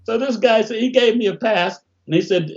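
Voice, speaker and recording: An older man from Detroit telling animated stories in a casual interview over a video call, often acting out what people said. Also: high-pitched, a little fast. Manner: animated, laughing storyteller, acts out quotes. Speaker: interview guest, bassist. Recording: dull lo-fi call audio.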